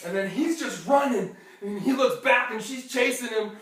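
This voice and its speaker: A storyteller spinning a lively bedtime tale for a child, laughing often and acting out sound effects along the way. The voice sits at an ordinary pitch. It is picked up from across a strongly echoing room, with faint noise behind it. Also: normal speed. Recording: echoey room, distant mic, faint noise.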